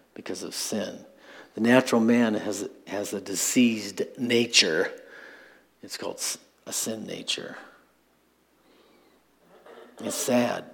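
Husky-voiced pastor preaching conversationally. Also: male voice, medium pitch. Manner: conversational preaching with asides and chuckles. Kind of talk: sermon.

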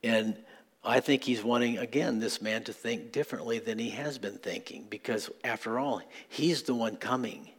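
Male pastor, mid-pitched voice, plain conversational sermon delivery that swells into earnest questions to the room. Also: moderate pace, breathy edge. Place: church sanctuary.

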